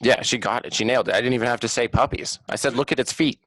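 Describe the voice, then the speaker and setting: A man's voice: medium pitch, very fast, fairly bright tone, no room sound. A man playing a comedy game, making dry joking asides. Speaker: podcast co-host and game player. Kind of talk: casual comedic banter.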